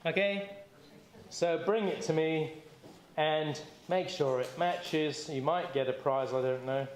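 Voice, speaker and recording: Male seder leader, fairly high voice, chatty and encouraging, echoey room. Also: steady tone, slow. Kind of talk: leading a group seder. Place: community hall or synagogue.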